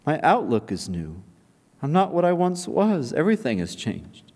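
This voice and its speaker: A man preaching a sermon in a large church, building to loud, high climaxes and falling to near whispers. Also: huge pitch swings, moderate pace. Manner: impassioned, swelling loud and high then dropping to a near whisper. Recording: long reverb of a large hall.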